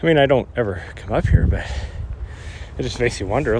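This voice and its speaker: Man, casual trail vlog, rambling, slightly winded, loud wind noise outdoors. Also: mid-range voice, animated, brisk. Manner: chatty, rambling, self-correcting. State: out of breath at times. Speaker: trail runner vlogging. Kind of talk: casual vlog while hiking. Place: outdoors on a windy mountain trail. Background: wind, distant vehicle.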